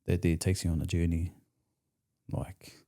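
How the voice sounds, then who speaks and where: A New Zealand man speaking as a podcast guest, his voice low and dark in tone. He recounts his past candidly, with blunt, slangy, profane phrasing. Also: flat delivery, a little slow. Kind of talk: candid storytelling in conversation.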